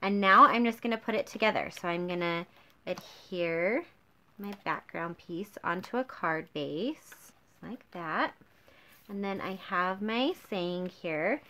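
A woman's voice: fairly low pitch, takes it slowly, pushed and bright. An upbeat woman demonstrating card making in a tutorial, gushing over her favorite supplies. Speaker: craft demonstrator.

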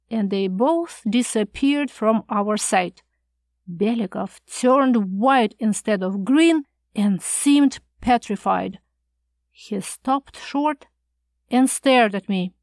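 A woman narrating an audiobook of a classic short story in a calm, measured storytelling manner. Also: on the high side, no echo.

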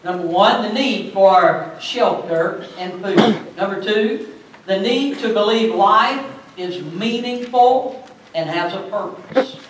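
A man pastor preaching a sermon in a church, building to loud emphatic bursts. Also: high voice, takes it slowly, slight background noise. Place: church sanctuary. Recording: very echoey church from far off.

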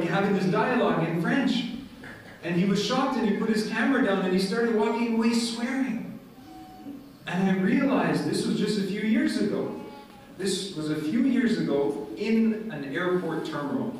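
A man's voice: high voice, slight background noise. A man giving an earnest, story-driven speech at a community event in a large mosque hall. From Canada. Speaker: guest speaker. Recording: echoey hall heard from far off.

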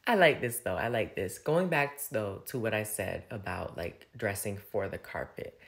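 In a lowish, creaky, slightly bright voice, a young man talks a little slowly but expressively. He's a fashion commentator doing a casual red carpet recap. He gushes and chats, leaning heavily on "like."

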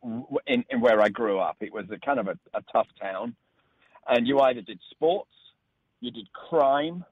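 A man's voice: medium pitch, moderate pace, slightly rough, no room sound. A middle-aged man with a northern English accent from Leeds, telling stories as a radio interview guest. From England. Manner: relaxed storytelling with restarts. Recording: phone line.

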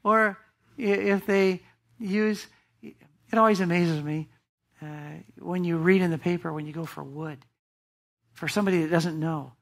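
A woman pastor preaching a sermon in a church, emphatic and asking the congregation rhetorical questions. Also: fairly low pitch.

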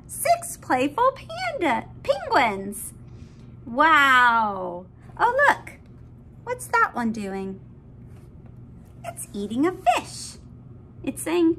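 A woman hosting a children's story time, reading a picture book aloud to a baby in a gentle sing-song voice with delighted gasps. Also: high voice, big pitch swings, extremely slow, slight background noise.

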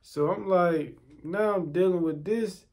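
A man's voice: high voice, measured pace. A young man telling a personal story in casual, slangy talk, often repeating his phrases. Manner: animated, slangy, repeats himself.

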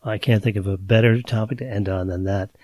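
A man's voice: on the low side, steady tone, brisk, warm tone, no room sound. A man hosting a podcast interview, easygoing, with short prompts and a friendly sign-off. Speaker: podcast host. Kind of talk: casual interview.

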